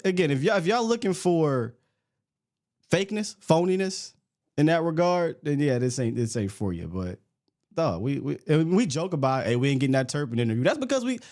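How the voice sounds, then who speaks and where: A man hosting a casual sports talk show, blunt and animated, slangy, sometimes reading names off a list. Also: fairly high pitch, moderate pace. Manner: blunt, animated, slangy, reads lists aloud. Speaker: sports podcast host.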